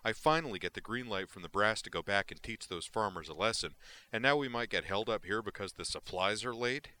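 Man reading as hot-headed merc boss, cursing, pushy, deep and sharp. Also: animated, moderate pace, heavily acted. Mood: angry. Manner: swearing, raised and impatient. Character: hot-tempered male mercenary squad leader.

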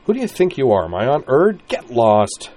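A man voicing a short-tempered young man who speaks in a gruff, snappish way. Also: low voice, animated, normal speed, darkish tone. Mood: angry.

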